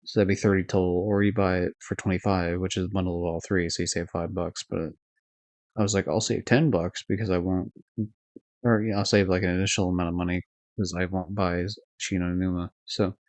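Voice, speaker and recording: A man's voice: low voice, steady tone, fairly quick, a little mellow, no room sound. A young man streaming live, rambling casually through game ratings with lots of fillers, swearing and self-corrections. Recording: dull lo-fi dry stream audio.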